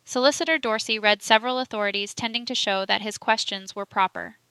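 A woman narrating an audiobook reading of a historical trial report, steady and even. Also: mid-range voice, brisk, clear, resonant tone, no room sound.

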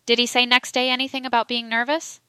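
A woman reading the lines of a forceful male prosecuting solicitor, pressing and emphatic in his questions. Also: on the high side, flat delivery, fast, clear, resonant tone, dry recording.

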